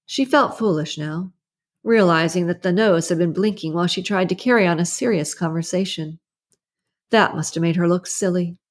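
A woman narrating an audiobook in a steady, even storytelling manner. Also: on the low side, moderate pace. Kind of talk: scripted narration.

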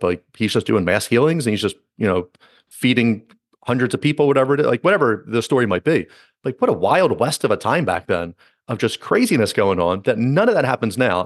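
A man's voice: mid-range voice, no room sound, clean studio sound. A man hosting a podcast, talking in a rambling, casual way with many fillers. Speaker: podcast host. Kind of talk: casual conversation.

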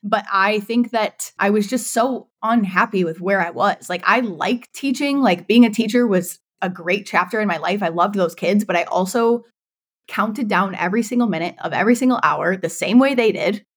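A woman in her thirties, speaking at a medium pitch and normal pace, appears as a guest on a podcast. In this casual interview chat she talks candidly about her business and laughs often.

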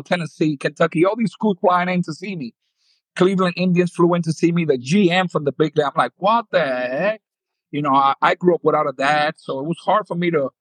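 A man's voice: on the high side, no room sound, rough recording. A man in his fifties from the Dominican Republic with a New York accent, a former ballplayer animatedly telling stories in an interview and acting out quotes. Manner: animated storyteller, acts out quotes, laughs often. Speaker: former pro baseball player, guest. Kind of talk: storytelling interview.

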